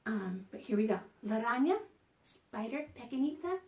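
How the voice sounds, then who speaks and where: High-voiced woman gently leading a children's story time. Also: expressive, vocal fry. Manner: slow, gentle, sing-song and encouraging, talking to small children. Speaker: children's librarian. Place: at home. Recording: roomy home video call audio from a distance.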